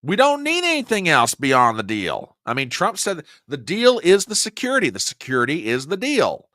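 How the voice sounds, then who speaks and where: Fired-up man with a lively, bright voice. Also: fairly high pitch, normal speed, no room sound, studio quality. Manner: combative, sarcastic, easily worked up. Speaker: political commentary host. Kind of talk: opinionated news commentary.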